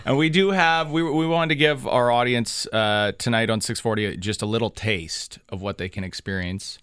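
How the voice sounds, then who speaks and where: A man's voice: mid-range voice, normal speed, a bit bright, smooth, no room sound. An upbeat man hosting a radio talk show, chuckling through his patter. His voice is close and dry on the studio microphone. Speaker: radio host.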